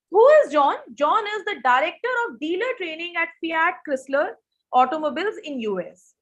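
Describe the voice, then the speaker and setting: Brief: high-pitched young woman, online SAT grammar teacher who quizzes her class. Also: a bit bright. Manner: asks students questions, reads answers from chat. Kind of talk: live online grammar lesson.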